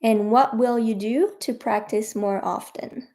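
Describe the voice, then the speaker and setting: French-accented woman, French coach on a livestream, unhurried and chatty. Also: a little high, warm tone. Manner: chatty, encouraging, addresses viewers directly. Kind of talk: casual livestream teaching.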